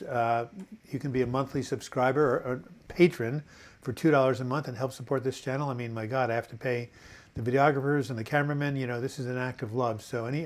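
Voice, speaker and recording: A man's voice: medium pitch, a bit bright. A man hosting a casual live chat, rambling and earnest as he reads out viewer comments and answers them with many fillers and restarts. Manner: encouraging, earnest.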